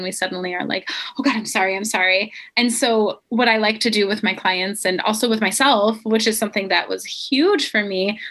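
A young woman life coach talking earnestly and encouragingly in a casual podcast conversation. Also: medium pitch. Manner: earnest, encouraging, quotes others in lively voices.

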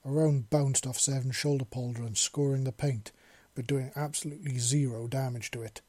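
A man narrating a story in a steady storytelling manner. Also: medium pitch, normal speed, slightly rough, no room sound. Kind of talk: audiobook narration of fan fiction.

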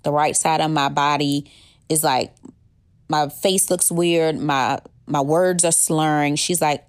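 Young woman, lowish voice, dry close sound, talking real candid about her past. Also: steady tone, moderate pace, no echo. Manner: candid, conversational, uses casual slang. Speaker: former 911 dispatcher telling her story. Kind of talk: personal storytelling.

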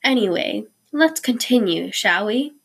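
A woman reading the part of a tired, patient male theater director who speaks wearily and gently. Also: mid-range voice, expressive, unhurried, gravelly, breathy edge, exaggerated voice. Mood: weary. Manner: weary, gentle.

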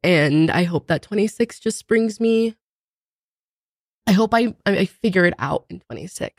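Tearful gravelly-voiced woman in her twenties. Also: mid-range voice, lively intonation, moderate pace, dry recording, studio quality. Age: 20s. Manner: candid, rambling, many "like"s. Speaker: podcast co-host. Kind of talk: casual chat.

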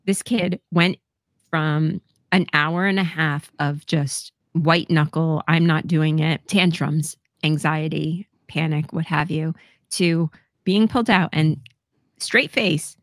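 A middle-aged woman co-hosting a podcast tells a personal story candidly and casually, swearing freely and laughing often. Her voice sits low and steady at a slow pace, in clean studio sound with no echo.

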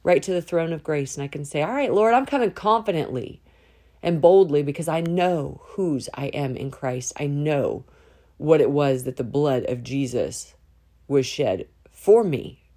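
Low-voiced woman praying heartfelt and informal. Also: warm tone. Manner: heartfelt, informal, with sudden rises and slow drawn-out words. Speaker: podcast host. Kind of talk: spoken prayer and encouragement. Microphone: audio only, no camera.

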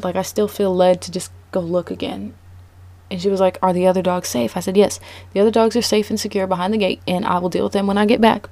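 A young woman recounts a story casually, with lots of "like" fillers. Her voice leaps up high when she gets excited. The recording is dry and close, with no room sound. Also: dry recording. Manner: animated, frequent "like", voice jumps high when excited.

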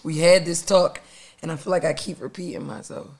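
A woman's voice: fairly low pitch, steady tone, brisk, darkish tone. A woman hosting a podcast in casual, profane chat, her voice tired and sleepy. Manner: loose, profane, rambling. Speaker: podcast host.

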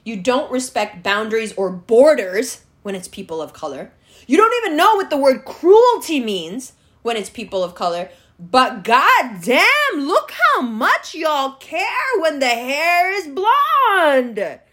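A woman's voice: high-pitched, big pitch swings, slow, pushed and bright. A woman hosting a solo podcast, ranting in a heated, sarcastic and profane way. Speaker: podcast host.

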